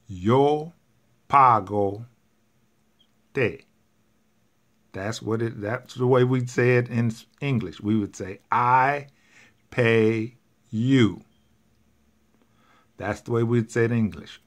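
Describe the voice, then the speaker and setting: Very slow-talking male Spanish teacher. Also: medium pitch. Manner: patient, repeats each point step by step. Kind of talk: classroom grammar explanation.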